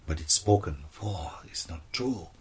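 A man's voice: low-pitched, expressive, a little slow, breathy edge. A man giving a spiritual satsang talk, playful, slipping into acted voices and laughter. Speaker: spiritual teacher.

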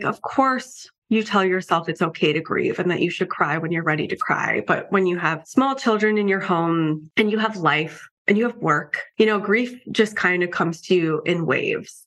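A woman's voice: on the low side, a bit bright. A middle-aged woman, a podcast guest, candidly telling a personal story in a conversational way, full of "like" and "you know" and acting out her own inner voice.

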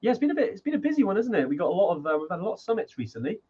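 A man's voice: sits high, very animated, racing, dark tone, slightly rough, dull audio. A man co-hosting a podcast in casual chat, rambling with lots of restarts and fillers. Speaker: podcast co-host.

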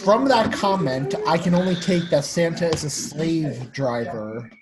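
A man co-hosting a casual movie commentary, enthusiastic and talking in quick bursts. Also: fairly high pitch, lively intonation, crowd noise. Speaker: podcast co-host.

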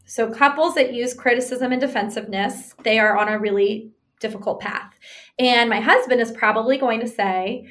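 A woman's voice: a little high, moderate pace. A woman, in the role of a relationship counselor, explaining couples advice conversationally, acting out example arguments and often checking in with "right?". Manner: animated, acts out example arguments.

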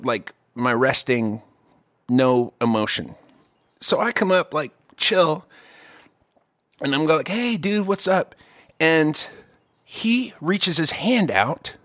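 A man telling a long story in casual chat, profane and animated, with quick asides and restarts. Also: a little high, no echo, clean studio sound.

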